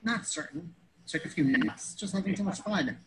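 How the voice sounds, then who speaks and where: A man's voice: sits high, animated, moderate pace, fairly bright tone, low-quality recording. A man telling a comedic story in a pedantic, wordy way, fussing over grammar and metaphors.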